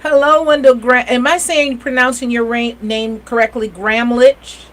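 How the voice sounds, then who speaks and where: A woman's voice: a little high, fairly even intonation, fairly bright tone, rough recording. Woman host, community TV chat, enthusiastic, chatty, conversational. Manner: chatty, enthusiastic, quick asides. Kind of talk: casual interview chat.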